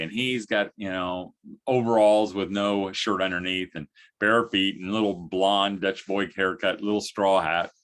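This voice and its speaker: A man's voice: on the low side, a bit bright. A man giving a folksy, humorous storytelling talk to parents, full of vocal sound effects. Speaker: speaker at a homeschooling event.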